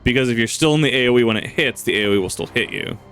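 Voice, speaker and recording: A man's voice: medium pitch, animated, racing, a bit bright, faint music behind. A man casually commenting while playing a video game, rambling, joking, laughing often and swearing. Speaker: gaming channel host. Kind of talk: casual let's-play commentary.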